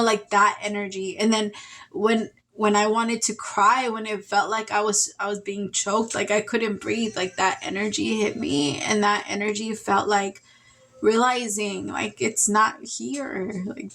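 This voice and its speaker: A woman talks through a tarot reading in a loose, heartfelt way. She rambles and restarts, sighing now and then as she speaks. Her voice sits at an ordinary middle pitch. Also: gravelly, a bit bright. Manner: emotional, rambling, with sighs and laughs. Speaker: tarot reader. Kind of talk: casual spoken tarot reading.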